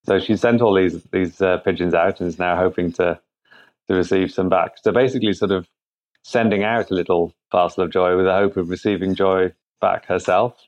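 A man being interviewed remotely, answering thoughtfully in a halting way with frequent restarts. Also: low-pitched, fairly even intonation. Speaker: guest, product founder. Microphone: remote internet call. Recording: muffled remote call audio.

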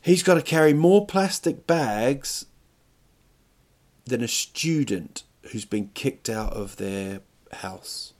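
A man's voice: medium pitch, animated, takes it slowly. A man hosting a podcast, talking alone in a rambling, jokey way that keeps breaking off and restarting, with plenty of swearing. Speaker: podcast host. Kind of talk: rambling comedic monologue.

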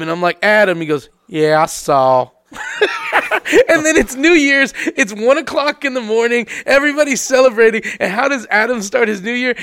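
Male storyteller, high voice, animated, quotes people, dry studio sound. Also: no echo. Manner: animated storyteller, acts out quotes, swears, laughs often. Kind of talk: casual podcast chat.

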